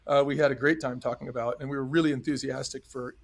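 Fast and gravelly, with a medium pitch and fairly even intonation, this middle-aged former restaurant chain executive tells his story on a podcast. He's an earnest, emphatic narrator who often reenacts what people told him.

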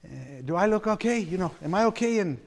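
A pastor preaches a conversational sermon in a church sanctuary, his high voice animated, brisk and creaky. Chatty and folksy, he laughs often and restarts his lines, all echoing in the reverberant hall.

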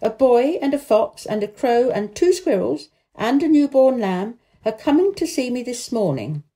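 Storybook figure: woman voicing a commanding spoiled boy, haughty and lordly, lively ups and downs, mellow tone. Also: fairly low pitch, moderate pace. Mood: imperious.

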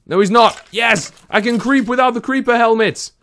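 A young man giving excitable Let's Play commentary as he plays, chattering to the game's creatures. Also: extremely high pitch, normal speed. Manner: excitable, talks to the game mobs. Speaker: gaming channel host.

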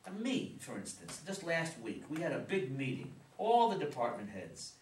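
A man reading the part of a gentle middle-aged father in a reader's theater play, with a soothing, reassuring way of talking. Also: medium pitch, huge pitch swings, moderate pace. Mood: consoling. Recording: echoey room, mic far off, some hiss.

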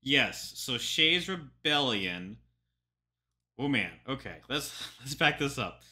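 A man's voice: mid-range voice, lively intonation, slow pace, sharp tone, a little hiss or hum. A young man, a historian, reacting to a history video in casual chatty commentary with lots of ums and joking asides.

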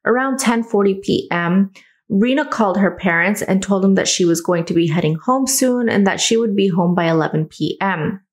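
A woman's voice: mid-range voice, animated, moderate pace. A woman hosting a true crime channel, earnestly retelling a case and adding her own comments. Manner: earnest, adds personal comments.

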